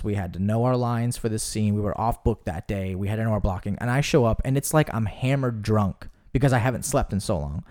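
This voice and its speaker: Rambling young man telling stories. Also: on the low side. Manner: rambling, filler-heavy, animated storytelling. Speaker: podcast guest. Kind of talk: casual chat.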